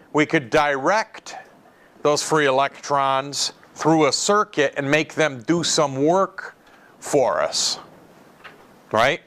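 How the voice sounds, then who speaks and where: A man's voice: medium pitch, fairly bright tone. Man giving a casual classroom lecture. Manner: conversational, repeats key terms, asks students questions. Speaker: college electronics lecturer.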